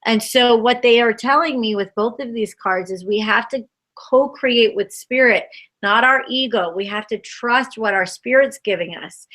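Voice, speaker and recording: An animated woman chatting casually about spiritual cards and the coming eclipse. Her voice is bright and crisp, sitting a little high. She laughs easily and acts out little quoted voices. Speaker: co-host reading oracle cards. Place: Boulder area.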